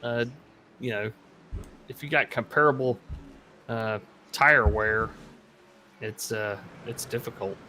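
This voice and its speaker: A man giving relaxed, plain analysis as co-commentator on a sim race. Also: mid-range voice, slow, pauses often, slight background noise, poor audio.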